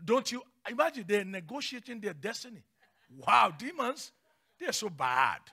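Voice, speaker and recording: A male pastor preaches with passion, dropping to near-whispers before bursting into shouts. His voice sits high and sounds gravelly. The tone is very bright and cutting. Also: sing-song, moderate pace. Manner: passionate, swings from hushed to shouting. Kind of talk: sermon.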